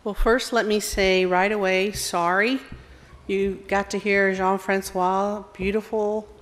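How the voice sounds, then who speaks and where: A woman's voice: medium pitch, little pitch movement, slow. A woman with a Southern US accent, a program executive giving a friendly, self-deprecating conference presentation with some fillers. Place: conference hall. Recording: long hall reverb.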